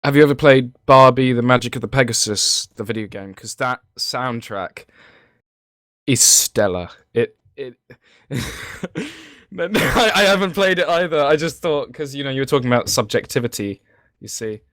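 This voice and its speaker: A man co-hosts a relaxed live-streamed podcast, stumbling through fillers and restarts as he talks. His pitch swings widely and animatedly. The recording is dry and close, with no room sound. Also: normal speed, dry recording. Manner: hesitant, lots of fillers and restarts. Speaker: podcast co-host. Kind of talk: casual live-stream chat.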